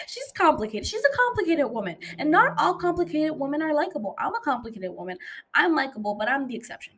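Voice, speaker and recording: Pitched high with a fairly bright tone, this young podcast host talks quickly and very animatedly. Alone at the mic, she rambles playfully, swears freely, leans on fillers and laughs often between thoughts.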